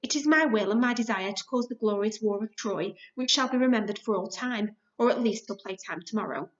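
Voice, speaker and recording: Woman voicing a squeaky, huffy hamster-god. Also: a little fast, close to an everyday voice. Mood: grand scheming. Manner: huffy, squeaky, booming when proclaiming. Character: bossy boastful male god stuck as a hamster. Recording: dull lo-fi recording.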